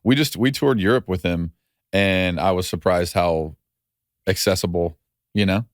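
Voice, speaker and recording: A man, a musician guest chatting in a relaxed, joking way. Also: sits low, measured pace, dry recording, clean studio sound. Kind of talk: casual chat.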